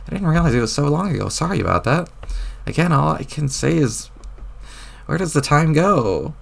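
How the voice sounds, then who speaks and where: Voicing a rambling, clueless young adventurer full of old-fashioned folksy exclamations, a man reads a webcomic aloud in a deepened, gravelly voice. He commits fully to the character, with lively intonation at a moderate pace and an apologetic mood.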